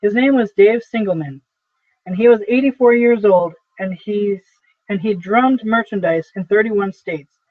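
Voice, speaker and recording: A man's voice: high-pitched, unhurried, dry recording. A man reading as a weary aging salesman. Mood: earnest, nostalgic. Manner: earnest, rambling storytelling. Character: aging weary male traveling salesman, pleading. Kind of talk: amateur play reading. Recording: tinny phone-like audio.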